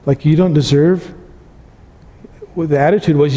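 A pastor preaching a sermon, telling stories earnestly and building to emphatic peaks. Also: male voice, on the high side, fairly even intonation, normal speed, mellow, lo-fi sound. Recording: long reverb of a large hall.

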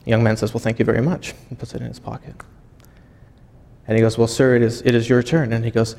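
A man preaching a sermon. He tells a long story, halting and often repeating words as he goes. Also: medium pitch, steady tone, creaky, darkish tone. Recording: long hall reverb.

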